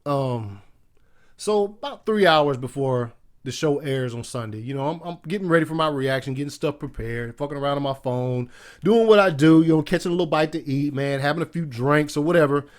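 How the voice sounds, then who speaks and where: A man's voice: on the high side, fairly quick. A young adult man hosting a podcast, recapping an episode in casual, profane, emphatic talk. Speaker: podcast host.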